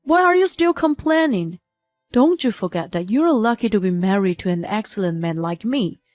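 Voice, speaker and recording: A woman's voice: mid-range voice, expressive, normal speed, darkish tone, no echo, soft background music, lightly acted. A woman voicing an arrogant, selfish young husband in a read-aloud story, talking down to his wife. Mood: dismissive. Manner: condescending, dismissive. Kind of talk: scripted story reading.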